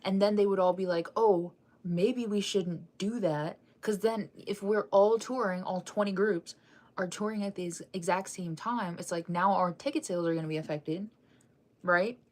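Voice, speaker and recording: A woman's voice: mid-range voice, steady tone, moderate pace, darkish tone. A young woman hosting a casual fan news chat, rambling with lots of fillers and restarts while she keeps yawning and sighing.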